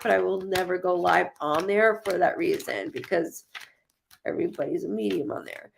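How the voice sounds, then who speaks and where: A woman's voice: mid-range voice, creaky, slight background noise. A woman psychic chatting casually on a live stream, blunt and repetitive, swearing now and then. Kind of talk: casual live-stream chat reading viewer comments.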